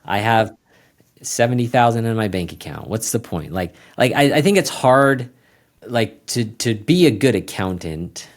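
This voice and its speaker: Low-voiced man talking casually. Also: lively intonation, normal speed. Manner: rambling, self-correcting, plain-spoken. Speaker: guest accountant. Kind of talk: casual conversational interview.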